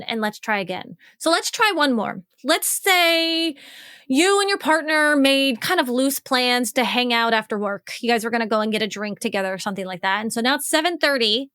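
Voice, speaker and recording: Brief: high-pitched woman relationship coach, frank and animated, acts out both sides, dry close sound. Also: no room sound. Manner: frank, swears casually. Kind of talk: solo podcast explainer.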